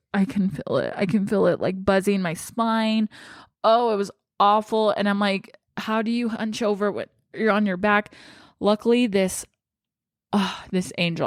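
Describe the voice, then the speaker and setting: A young woman tells a personal story straight to her viewers, in a chatty and animated way. She acts out the lines of everyone involved as she goes. Her voice sits at an ordinary middle pitch and is recorded close up, with a dry sound and no room echo. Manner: chatty, animated retelling with quoted dialogue. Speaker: vlogger. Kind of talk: casual storytelling to camera.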